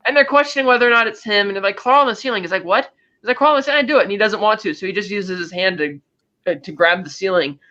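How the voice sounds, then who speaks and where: A high, bright-voiced man who talks fast and rattles through a movie plot in a casual review chat, slipping into quick impressions of the characters as he goes. The sound is dull and lo-fi. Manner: rapid plot recap acting out characters' lines. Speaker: podcast co-host.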